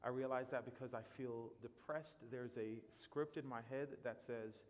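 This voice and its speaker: A man preaching a sermon in a church, animated, surging loud for emphasis and then dropping quiet and slow. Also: medium pitch. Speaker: pastor. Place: church sanctuary. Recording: long reverb of a church hall.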